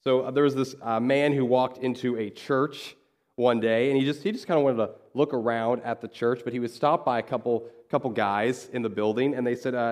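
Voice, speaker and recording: A man's voice: mid-range voice, a little fast, darkish tone. A man preaching a sermon in a conversational way, telling a story and acting out the dialogue. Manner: conversational, acts out quoted dialogue. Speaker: pastor. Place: church.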